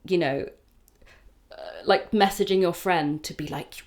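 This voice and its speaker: A woman comedian chatting on a podcast, telling rambling, animated stories with swearing and acted-out quotes. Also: lowish voice, a little slow. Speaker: comedian guest. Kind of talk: casual podcast chat.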